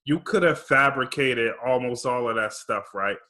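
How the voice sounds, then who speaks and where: Bright-voiced laid-back podcast man. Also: medium pitch, moderate pace. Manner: laid-back, reasoning aloud with frequent "right?". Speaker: podcast co-host. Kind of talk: casual chat.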